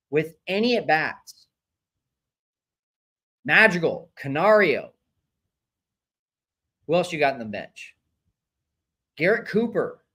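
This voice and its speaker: An excitable man hosts a live baseball watch-along for his viewers, his voice sitting slightly high. He swings between loud cheering and irritated griping about the players, and stops to read viewer chat names aloud. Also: poor audio. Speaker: live stream host reacting to a baseball game.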